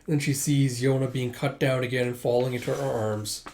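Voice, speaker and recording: A man's voice: mid-range voice, fairly even intonation, a little fast, darkish tone. A man casually reading through a manga volume, retelling each scene with "he's like" and "she's like.". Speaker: manga reviewer.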